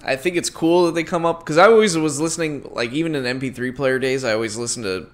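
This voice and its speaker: A young man co-hosting a casual podcast chat, relaxed and agreeable, laughing often. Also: mid-range voice, quick pace. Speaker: podcast co-host.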